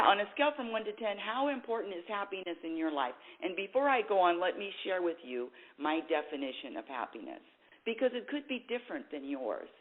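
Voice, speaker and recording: A woman hosting a spiritual talk show, speaking in a rambling, self-correcting way and laughing at herself. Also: low voice. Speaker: radio show host. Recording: tinny phone-like sound.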